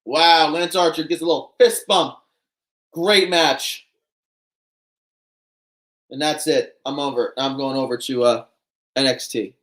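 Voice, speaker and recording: A man co-hosting a wrestling watch-along, commenting casually and breaking into loud excited exclamations. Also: a little high, measured pace, pauses often.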